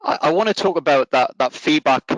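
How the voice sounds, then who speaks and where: A man's voice: a little high, expressive, fairly quick, a bit bright, no echo, rough recording. Dry-sounding male interviewer on a call. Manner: long, meandering questions with verbal hedges. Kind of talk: conversational interview.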